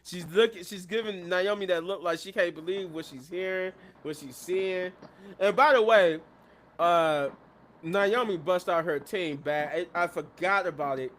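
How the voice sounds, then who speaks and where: A man hosting a live show, retelling events in a casual, animated recap and acting out the quotes. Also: sits high, a little slow, a little hiss or hum.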